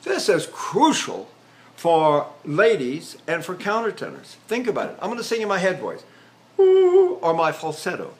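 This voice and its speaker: A man's voice: a little high, very animated, normal speed. A man in his eighties, a voice teacher, giving a chatty lecture on vocal technique and breaking into sung examples. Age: 80s.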